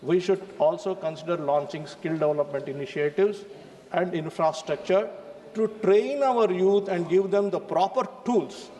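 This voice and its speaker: High and mellow, this man's voice carries an Indian English accent as he, a member of parliament, delivers a formal speech in the chamber, repeatedly calling the chair sir. The recording has a faint hall reverb with light noise.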